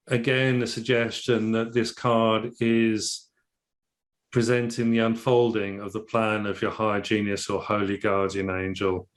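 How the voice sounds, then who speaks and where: Man musing over a tarot card. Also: fairly low pitch. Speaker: tarot teacher. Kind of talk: casual explanatory discussion.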